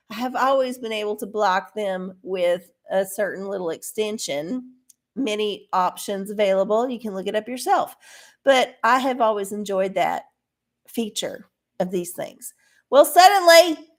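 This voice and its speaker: Ranting, profane woman livestream host. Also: mid-range voice. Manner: talks to viewers directly. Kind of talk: casual livestream chat.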